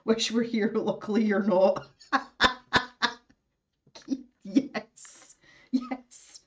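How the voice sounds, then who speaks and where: A Scottish woman chatting easily on her art live stream as she draws. She laughs a lot and greets viewers as they arrive, and her voice sits at an ordinary middle pitch. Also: fairly even intonation, drawn-out words, mellow, breathy edge, dull audio. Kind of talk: casual chat while drawing on a live stream.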